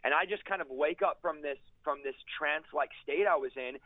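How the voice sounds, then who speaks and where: A man with a somewhat high voice tells his conversion story with fervent intensity, piling phrase on phrase and repeating key lines for emphasis. The sound is dry and narrow, like a tinny phone line with no room around it. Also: no echo. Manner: intense, fast-paced storytelling with emphatic repetition. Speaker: guest preacher sharing a testimony. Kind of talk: fervent personal testimony in an interview.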